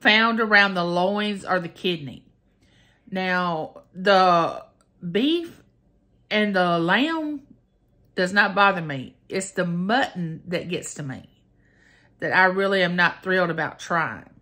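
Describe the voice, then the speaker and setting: A woman's voice: lowish voice, animated, slow, bright, forceful tone. A woman, chatting folksily to her viewers in a casual taste-test vlog. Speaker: vlogger.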